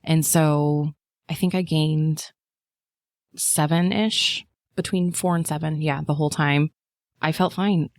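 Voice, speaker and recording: Woman in her 30s chatting on a podcast, low voice, dry close mic, lots of "like" and acted-out quotes. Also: slow pace, dry recording. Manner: chatty, many fillers, animated when quoting people. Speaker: podcast guest telling her birth story. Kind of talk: casual chat.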